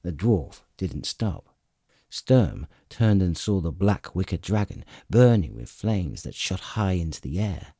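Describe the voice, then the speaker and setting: A deep, dark male voice narrating a fantasy novel with an unhurried, dramatic delivery. His pitch moves expressively, and the voice has a husky grain. The recording is dry and close-miked. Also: sing-song, dry recording. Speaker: audiobook narrator.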